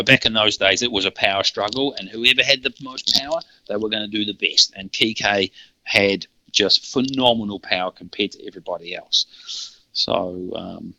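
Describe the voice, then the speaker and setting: A man's voice: fairly low pitch, sharp tone, dry recording, dull audio. A middle-aged New Zealand man with a New Zealand accent, telling stories casually as a podcast guest, rambling and laughing with frequent restarts. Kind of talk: casual storytelling.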